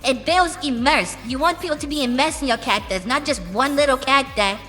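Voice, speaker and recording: A young woman talks in a high, bright voice, blunt and cocky with plenty of swearing. She answers interview questions like a casual chat. A long room reverb hangs on her voice, with music playing behind. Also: fairly quick. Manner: blunt, profane and boastful.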